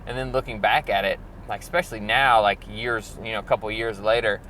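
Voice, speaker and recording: A man's voice: on the low side, steady tone, brisk, sharp tone, slight background noise. A young man from Arkansas talking about his art in a loose, rambling documentary interview, full of filler words. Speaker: performance artist.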